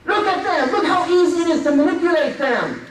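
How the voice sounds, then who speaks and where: A man putting on a sneering devil, high and echoey. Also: expressive, fairly quick, a little hiss or hum. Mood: mocking, gloating. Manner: taunting, sneering. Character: gloating, scornful male devil mocking humankind. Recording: echoey hall, mic at a distance.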